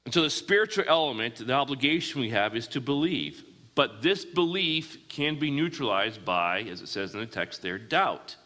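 A man's voice: medium pitch, lively intonation, normal speed, few pauses, bright, forceful tone. A man preaching a sermon, often asking his listeners questions and answering them himself. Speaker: pastor. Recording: hall with long reverb.

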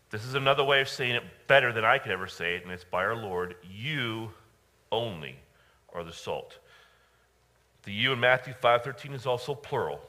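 A male pastor preaching a sermon, emphatic, with dramatic pauses and repeated phrases. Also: medium pitch, bright, forceful tone. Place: church.

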